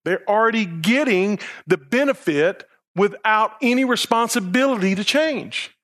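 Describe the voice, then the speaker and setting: A man's voice: high-pitched, a bit bright. A man preaching a sermon as pastor, emphatic, with repeated phrases and rhetorical questions.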